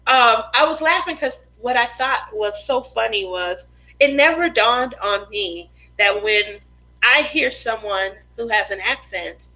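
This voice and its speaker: A woman's voice: fairly high pitch, a little slow, pushed and bright, low-quality recording. A craft channel host, a woman, chatting casually on a live stream and reading viewer comments, giggly and laughing often.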